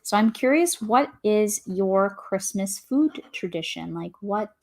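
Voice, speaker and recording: A woman's voice: mid-range voice, expressive, measured pace, darkish tone. A young adult woman hosting a casual livestream, chatting cheerfully and reading viewer comments aloud. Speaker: livestream host.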